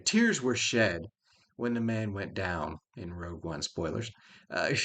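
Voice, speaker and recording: A man's voice: mid-range voice, fairly bright tone. A middle-aged man, talking casually and rambling through a vlog, full of "you know" fillers and self-restarts. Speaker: YouTube host.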